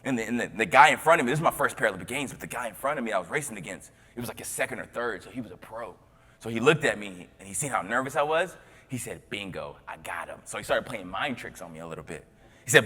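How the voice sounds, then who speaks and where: A young man from Tennessee, giving a motivational keynote as a storyteller. He swings from loud to hushed and often repeats his words. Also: mid-range voice, big pitch swings, fast. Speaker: motivational speaker. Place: large conference hall. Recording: long hall reverb.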